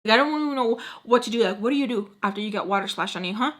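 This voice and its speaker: Rapid-fire and fairly bright, this young woman's slightly high voice carries a casual vlog storytime. Her chat is loaded with "like" and sprinkled with Spanish, and she performs each quoted character with a different voice.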